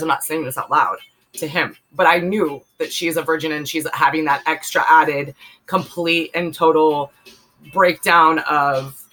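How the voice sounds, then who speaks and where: A woman's voice: low voice, a bit bright, rough recording. A woman in her forties from the Bay Area, telling a personal story in a candid, rambling way full of fillers. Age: 40s. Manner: rambling, emphatic, many fillers. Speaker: vlogger telling a personal testimony.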